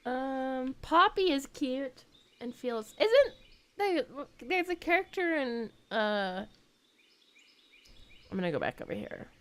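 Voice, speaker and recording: A woman streaming a game, chatty and giggly, thinking out loud as she plays. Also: high-pitched, sing-song, slow, long pauses. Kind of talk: casual game reaction stream.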